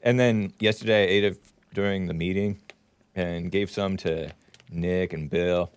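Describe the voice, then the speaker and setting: A man's voice: low voice, fairly even intonation, unhurried, clean tone, dry recording. A man hosting a podcast in casual chat, chatty and laughing often, sometimes talking while chewing. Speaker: podcast host.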